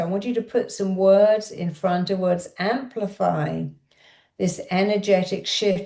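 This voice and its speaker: A woman's voice: medium pitch, fairly even intonation, a little slow, gravelly, warm tone. Woman self-help coach, guided affirmation exercise, coaxing and repetitive, echoey room sound. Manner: emphatic, repetitive, coaxing instructions.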